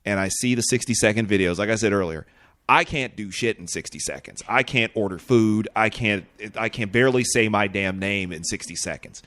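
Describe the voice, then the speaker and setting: A man hosting a podcast, talking in a relaxed, casual way with offhand swearing. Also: on the low side, a little fast. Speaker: podcast host. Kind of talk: casual chat.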